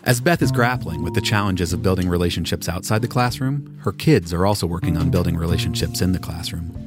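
Male documentary narrator, low voice, measured scripted read, over music. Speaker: podcast narrator. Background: music bed.

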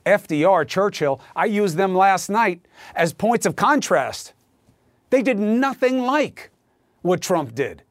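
A man's voice: high voice, sing-song, a little slow, no room sound. A male news anchor delivering an emphatic, sarcastic opinion monologue in a studio.

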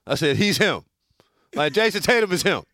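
A man's voice: high voice, moderate pace, no echo, clean studio sound. A man co-hosting a sports talk show, arguing in a slangy, emphatic way and repeating his points. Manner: animated, slangy, emphatic repetition. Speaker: sports podcast co-host. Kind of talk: casual sports debate.

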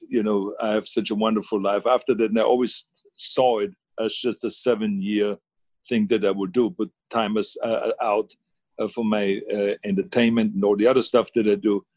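A man's voice: fairly low pitch, a little mellow, no room sound. A man, chatting casually as a guest on a video call, rambling with many fillers and restarts. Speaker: guest, former governor.

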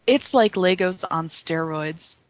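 A woman's voice: on the low side, slow, no room sound, highs cut off. Upbeat giggly woman guest. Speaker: podcast guest. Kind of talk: casual chat.

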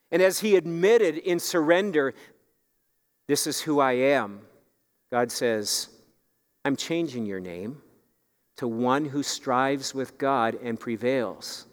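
A man's voice: a little high, lively intonation, measured pace, long reverb tail. A man preaching a sermon as pastor, earnest and building to pleading emphasis.

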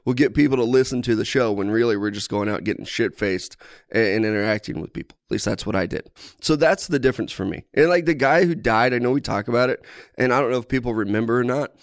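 A man co-hosting a podcast, telling an animated story with plenty of swearing. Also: medium pitch, quick pace, no room sound, studio quality. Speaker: podcast co-host. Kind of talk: casual chat.

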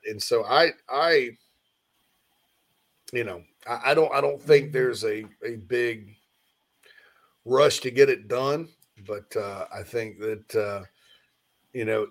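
On his casual live-streamed sports talk show, a medium-pitched man reads out viewer comments. He rambles in an animated way, yet yawns and comes across as distracted.

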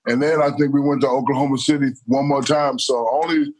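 A man co-hosting a chat show, telling a rambling story in halting starts. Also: mid-range voice, steady tone, darkish tone. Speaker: co-host. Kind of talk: casual chat.

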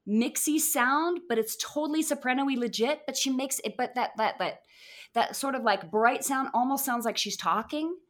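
A woman's voice: sits high, normal speed, fairly bright tone. Woman, casual podcast chat, gushing, lots of fillers. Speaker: podcast guest, musical theatre performer.

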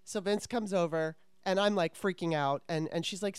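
A woman's voice: on the low side, moderate pace, clean tone, no room sound. A woman in her fifties hosting a podcast, telling a story in casual chat with a candid, profane and rambling manner. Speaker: podcast host.

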